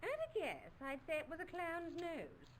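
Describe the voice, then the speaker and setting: Brief: saucy lady, high lively voice, game dialogue with faint ambience. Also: normal speed, a little hiss or hum, full character voice. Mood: haughty. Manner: saucy, theatrical, drawling.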